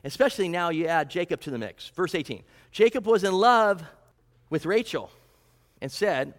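A man preaches a sermon in a large hall, his slightly high voice swinging up and down as he retells scripture. He acts out the characters' lines with lively storytelling. A long reverb trails each phrase. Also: normal speed. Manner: animated storytelling, acts out quotes. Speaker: pastor.

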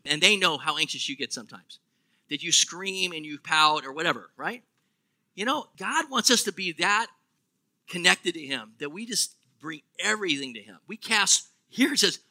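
A man preaching a sermon, animated and asking the congregation questions. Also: high voice. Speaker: pastor.

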